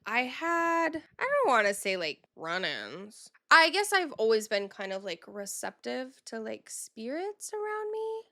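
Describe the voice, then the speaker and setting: A woman's voice: a little high, sing-song, a little slow, hardly any pauses, pushed and bright. A woman co-hosting a podcast in casual chat, giggly and rambling, with lots of fillers. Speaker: podcast co-host.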